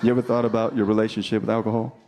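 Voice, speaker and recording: A man's voice: lowish voice, little pitch movement, racing, dark tone. A man in his thirties doing a stand-up comedy routine on a club stage, talking brashly with profane crowd work. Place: comedy club stage before a laughing audience. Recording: live club sound with audience noise. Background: audience laughter.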